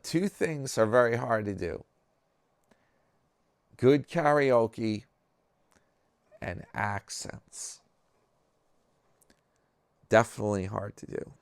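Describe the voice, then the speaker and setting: Low, smooth-voiced chatty man. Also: expressive, slow, pauses often, no room sound, clean studio sound. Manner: chatty, wry, reads comments aloud. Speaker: vlog host reading viewer comments. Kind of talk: casual chat.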